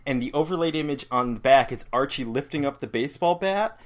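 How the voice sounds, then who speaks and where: Man halting through comic panel talk. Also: mid-range voice, lively intonation. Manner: halting, explains panel layouts with fillers. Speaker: podcast co-host. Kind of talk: casual chat about a comic.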